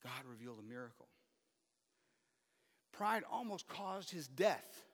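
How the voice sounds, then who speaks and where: A man's voice: mid-range voice, very animated, measured pace. A man pastor preaching a sermon, pressing his listeners with rhetorical questions. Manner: asks the audience many rhetorical questions. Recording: long reverb of a hall.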